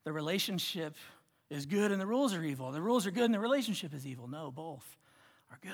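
A male pastor delivers a sermon in a church sanctuary, pushing his voice up for emphasis and then dropping it to a hushed, near-whispered hush. His voice sits a touch higher than most men's. A long hall reverb trails each phrase. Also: expressive, fast talker.

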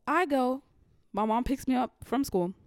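A woman's voice: sits high, a little slow. A young woman hosting a podcast, telling a personal story bluntly and with swearing, fighting back tears at times. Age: young adult. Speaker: podcast host. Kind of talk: candid personal monologue.

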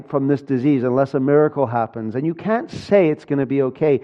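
A man's voice: medium pitch, fairly quick, hardly any pauses, lo-fi sound. A man preaching a sermon, earnest and building to urgent, emphatic passages. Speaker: pastor.

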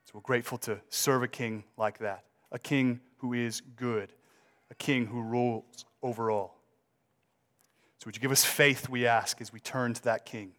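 A man preaching a sermon, reading scripture and rising emphatically on key words before slowing down to let them land. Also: medium pitch, fairly bright tone. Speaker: pastor.

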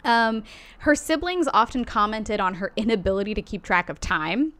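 A woman telling a story to a friend in relaxed podcast chat, her pitch sitting in the middle of the range. She is animated and casual, tosses in light swearing, and acts out little quotes as she goes. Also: moderate pace.

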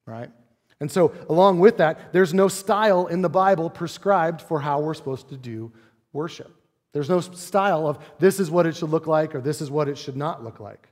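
Pastor in his forties, conversational sermon delivery with rhetorical asides, slightly raised pitch, reverberant sanctuary. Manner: conversational preaching with rhetorical questions and playful asides. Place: church sanctuary.

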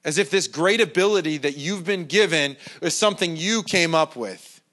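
A man's voice: a little high, animated, moderate pace, fairly bright tone. A male pastor preaching a sermon in a conversational, self-deprecating way, with mocking asides. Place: church.

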